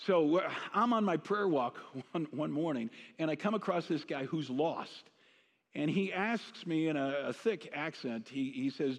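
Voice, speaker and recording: Middle-aged man, pastor's sermon, conversational then emphatic, slightly high voice, long church reverb. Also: measured pace. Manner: conversational preaching, rising to emphatic declarations.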